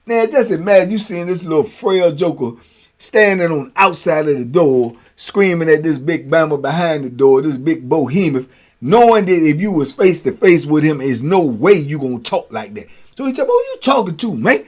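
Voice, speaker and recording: Guy telling prison stories, laid back, slangy, laughs a lot, kinda higher voice. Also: moderate pace. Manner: animated, slangy, laughs often, keeps asking "you know what I'm saying". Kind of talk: casual storytelling.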